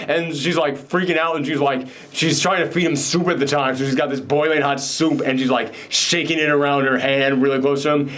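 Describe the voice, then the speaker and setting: A man hosting his own show, casually recapping a film in a rambling, animated way with many fillers. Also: a little high, fairly quick, few pauses. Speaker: film reviewer host.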